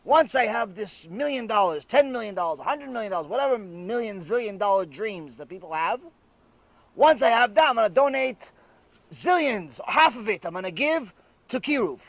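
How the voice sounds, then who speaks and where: A man, a rabbi, giving a Torah lecture and telling jokes in an animated way, acting out the characters. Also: sits high, normal speed, no echo.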